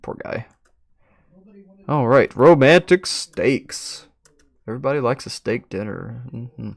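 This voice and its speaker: A man's voice: mid-range voice, animated, slow, creaky, no room sound. A man hosting a live read-through, commenting in an amused, chatty way. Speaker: web series explorer and host.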